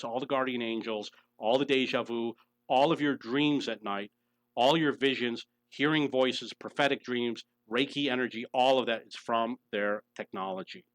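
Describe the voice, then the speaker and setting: An earnest middle-aged man, a channel host, tells his own story in a personal monologue, insistently pressing each point and circling back to repeat it for emphasis. His ordinary mid-pitched voice is a bit bright, recorded dry and close with no room sound.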